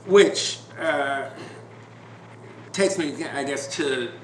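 A man hosting a podcast, telling a story in a relaxed, rambling way with lots of fillers and restarts. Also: mid-range voice, very slow. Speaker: podcast host. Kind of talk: casual storytelling chat. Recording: roomy with background noise.

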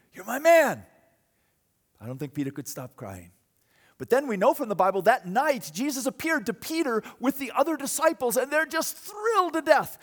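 A man preaching a sermon, telling a story with dramatic swings between loud bursts and hushed moments. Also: on the high side. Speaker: pastor.

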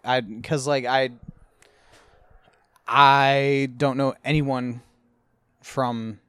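A man's voice: medium pitch, level tone, extremely slow, fairly bright tone, smooth, no echo. Laughing man, dry close sound. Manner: laughs often, teasing and swearing casually. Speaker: podcast co-host. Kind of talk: casual podcast chat.

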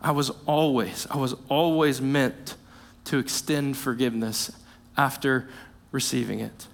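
A young man preaching a sermon with earnest repetition, sometimes dropping to a hushed, low voice to stress a point. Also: steady tone, measured pace, creaky.

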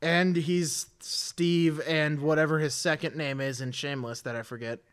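A man's voice: on the high side, fairly even intonation, moderate pace, fairly bright tone, clean tone. A man co-hosting a comedy podcast, ranting in an exasperated, profane way in casual chat. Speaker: podcast co-host.

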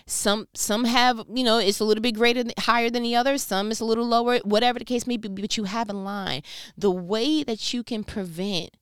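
Smooth-voiced New woman teaching scripture. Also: fairly high pitch, fairly even intonation, brisk, dry recording, clean studio sound. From New York. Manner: conversational and playfully scolding, addressing listeners directly. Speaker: Bible teacher. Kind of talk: casual scripture commentary.

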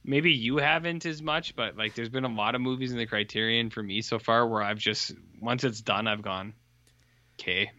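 A male podcast co-host chatting casually, telling stories in a rambling, deadpan way. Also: medium pitch, brisk, hardly any pauses, dull audio. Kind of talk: casual chat.

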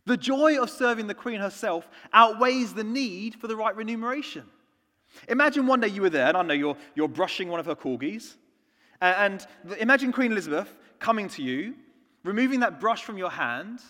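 A man from the United Kingdom preaching a sermon, earnest, moving between soft hushed lines and emphatic ones. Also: high voice, expressive, a little fast. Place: church. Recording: long church reverb.

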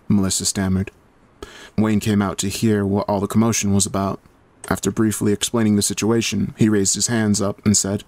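A man narrating a horror story in a measured, low-key way. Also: flat delivery, a little mellow, dry recording.

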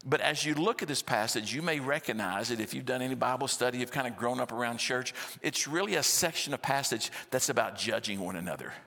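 A man, preaching a sermon in a lively, conversational storytelling style with rhetorical questions, in a church sanctuary. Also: mid-range voice, brisk, gravelly, hardly any pauses. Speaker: pastor. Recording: long church-hall reverb.

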